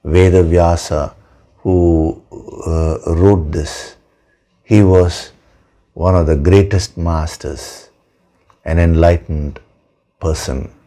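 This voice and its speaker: A man giving a spiritual discourse as a teacher, in a measured, emphatic way, repeating words for stress. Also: deep voice, steady tone, dark tone. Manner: slow, measured, emphatic with repetitions.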